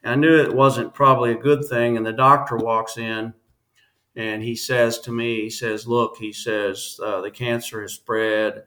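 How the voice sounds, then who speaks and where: A man, a guest on an interview podcast, telling a personal story in an earnest, halting way with many restarts. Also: medium pitch, level tone, pushed and bright.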